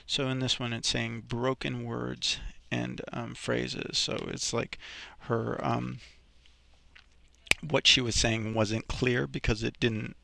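A man's voice: medium pitch, little pitch movement, takes it slowly, gravelly, pushed and bright. A man teaching a recorded vocabulary lesson, explaining each example step by step with many ums and restarts.

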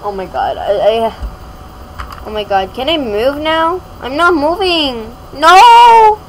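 A woman giving casual, giggly commentary while playing a video game, talking to herself and reacting excitedly. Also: medium pitch, measured pace, a little hiss or hum, poor audio. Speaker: gaming video creator.

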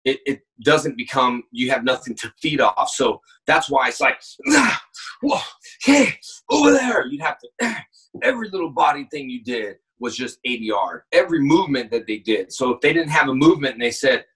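A guest actor chats casually over a phone call, telling stories in an animated way with sudden shouts and acted-out quoted lines. His medium-pitched voice is bright and slightly husky, and his delivery is brisk. He sounds distant from the mic, and the recording is rough.

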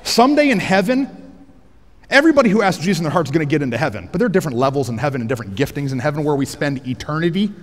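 Here the pastor talks very fast, his male voice on the high side, with a big-room sound to the recording. He preaches through a headset mic in a large church auditorium, lively and joking, and pushes up to shouts to drive points home.

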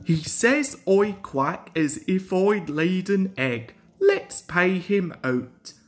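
A man's voice: high-pitched, animated, slow, soft background music. A young man voicing a proud, fussy male tank engine in a storybook reading, sounding self-important. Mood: scheming.

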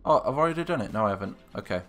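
A man's voice: fairly low pitch, animated, very fast, faint music behind. A man from England, chatting casually on a live stream, thinking aloud with hesitant muttered asides.

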